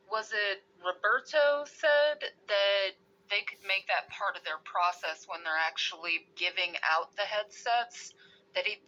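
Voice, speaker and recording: A woman's voice: on the low side, bright, forceful tone, highs cut off, a little hiss or hum. A woman on a work call, speaking hesitantly as she searches for words. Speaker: colleague on call.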